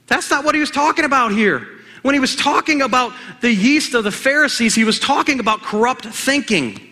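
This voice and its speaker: A man preaching in a lively, conversational sermon style, with a high, bright voice. He throws questions out to the congregation, and his words echo around a large church hall. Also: a little fast.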